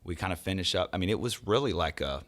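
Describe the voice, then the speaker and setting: A man from the US South, a worship songwriter guest in an interview, telling a story in an animated way, acting out what others said and laughing often. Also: deep voice, fast. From Charleston, US South.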